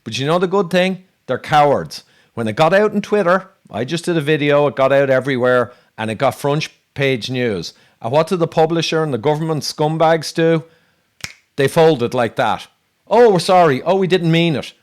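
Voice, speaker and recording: Male host, fairly high voice, indignant and animated, interview setting. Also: normal speed. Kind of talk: conversational interview.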